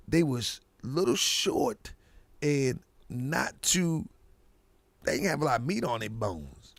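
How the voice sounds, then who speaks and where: Man hosting a rambling live stream, lively swooping pitch, gravelly, close and dry. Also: dry recording. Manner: rambling and animated, with bursts of loud laughter. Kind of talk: casual live-stream chat.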